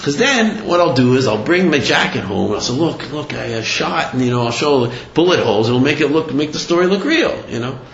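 A poor, cunning man pleads and wheedles, his pitch rising and falling eagerly, as a male storyteller plays him. It sounds a bit roomy and dull. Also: animated, fairly quick, gravelly, hardly any pauses, a little hiss or hum. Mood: pleading.

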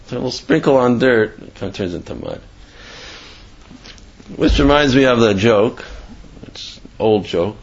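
A man's voice: mid-range voice, expressive, unhurried, pauses often, lo-fi sound. A man teaching a Torah class in a rambling, conversational way, full of fillers and restarts. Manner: rambling, conversational, with many fillers and Hebrew terms. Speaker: religious teacher.

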